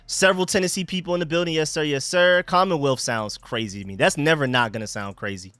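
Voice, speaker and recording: A young man from Atlanta chats through a live stream with a bright, crisp voice pitched a little high. His slangy banter bounces from loud shout-outs to low asides, and his close mic sounds dry. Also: quick pace, no echo. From Atlanta, Georgia. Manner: loose slangy banter, repeats phrases, swings between hype and mumbles. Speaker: livestream host.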